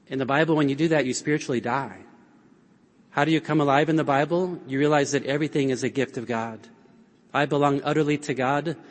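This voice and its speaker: A man giving an earnest talk at a Catholic conference, prompting his audience with questions and call-and-response. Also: mid-range voice. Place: large conference hall. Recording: long hall reverb.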